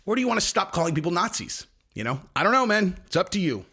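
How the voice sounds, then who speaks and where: A man's voice: sits high, big pitch swings, fast talker, pushed and bright, husky. A man hosting a casual commentary rant, sarcastic and rambling, slipping into mocking quoted voices. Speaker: commentary video host.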